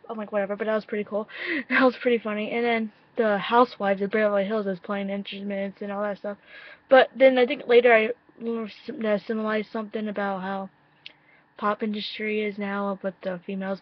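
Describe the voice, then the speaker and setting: A woman's voice: medium pitch, no room sound. A young woman vlogging her reaction to a music video, gushing, swearing freely and quoting her own reactions with frequent laughs. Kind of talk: casual excited reaction vlog. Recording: dull lo-fi webcam sound, dry.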